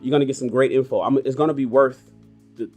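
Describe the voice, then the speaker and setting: A man in his forties hosting a casual livestream podcast, telling stories in a blunt, animated and profane way. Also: medium pitch, fast talker, faint music behind. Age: 40s. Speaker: podcast host.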